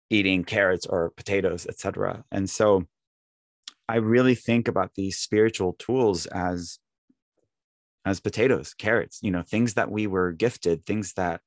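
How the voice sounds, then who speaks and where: A young man with a lowish voice talks off the cuff in a relaxed, conversational spiritual talk. He jumps into exasperated quoted voices now and then. The sound is close and dry. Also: dry recording. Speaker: speaker giving a Sunday talk.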